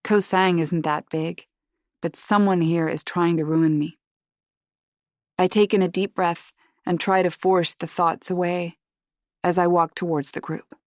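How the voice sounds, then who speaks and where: A woman narrating a first-person thriller audiobook in a measured, tense and subdued way. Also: fairly low pitch, steady tone, no echo.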